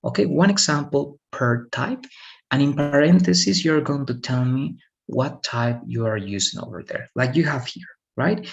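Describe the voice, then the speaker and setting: A man's voice: mid-range voice, moderate pace, creaky, dull audio. A man teaching a one-on-one English lesson online, patiently explaining grammar and repeating example sentences.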